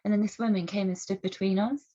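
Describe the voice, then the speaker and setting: An earnest woman talks straight to camera at a middle pitch, asking pointed rhetorical questions. She often restarts her sentences as she goes. The recording sounds dull and a little lo-fi. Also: fairly even intonation, fast, warm tone. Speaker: campaigner speaking to camera. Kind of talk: personal commentary and storytelling.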